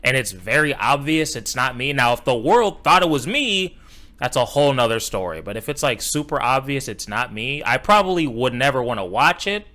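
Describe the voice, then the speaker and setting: A man's voice: medium pitch, sing-song, normal speed, bright, forceful tone. A man from Los Angeles reacting to videos on stream, blunt and mocking, swearing freely. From Los Angeles, USA. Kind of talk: casual reaction commentary.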